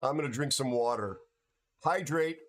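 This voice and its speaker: A man hosts a livestream, worn out from a night without sleep. He talks casually to his viewers at a middling pitch, halting and restarting, repeating words as he goes. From United States. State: tired from no sleep. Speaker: livestream host.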